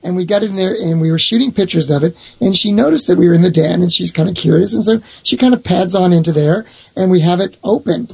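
A middle-aged man telling a long personal story in casual talk, rambling and restarting his sentences, with a husky voice. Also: high voice, fast talker, hardly any pauses, darkish tone. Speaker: owner of a haunted box, guest.

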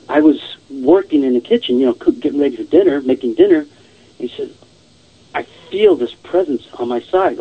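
A man's voice: mid-range voice, mellow, breathy edge, low-quality recording. A man casually telling a long ghost story, rambling and repeating "I says" and "she goes".

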